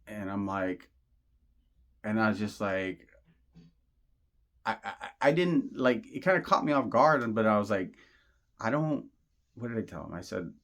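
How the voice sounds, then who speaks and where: A man with a fairly low voice tells a personal story straight to his listeners. He rambles, circles back and repeats himself, leaning on casual slang. He sounds earnest and insistent throughout. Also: expressive, measured pace, pauses often, a bit bright. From Southern California. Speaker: channel host.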